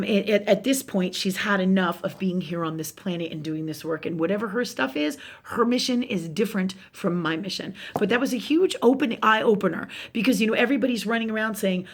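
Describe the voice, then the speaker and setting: A woman spiritual teacher speaks to her viewers on a live show. Her delivery is casual and animated, full of fillers and restarts. She drops in curse words without hesitation. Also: mid-range voice. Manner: animated storytelling, swears freely, many fillers and restarts.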